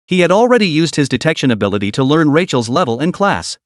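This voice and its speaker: A man narrating a fantasy story recap in a steady, dramatic storytelling manner. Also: on the high side, quick pace, no echo, studio quality.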